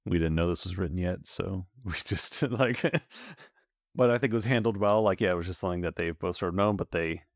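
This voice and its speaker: A man's voice: deep voice, moderate pace, no room sound, studio quality. A man co-hosting a podcast, casually analyzing an episode's characters with the odd comic aside. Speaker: podcast co-host. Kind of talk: casual chat recapping an episode.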